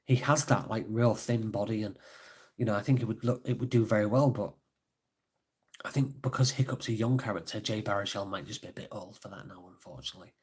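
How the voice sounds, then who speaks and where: A man with a fairly low, darkish and slightly rough voice talks briskly on a live stream. The livestreamer and author rambles in an easygoing way, laughs easily, and reads viewer chat comments aloud.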